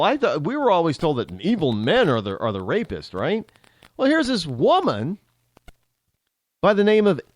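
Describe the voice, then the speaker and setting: A man's voice: fairly high pitch, dry recording. A man hosting a talk show, delivering a rambling casual monologue with lots of restarts and repetition. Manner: animated, rambling, repeats himself and spells out names.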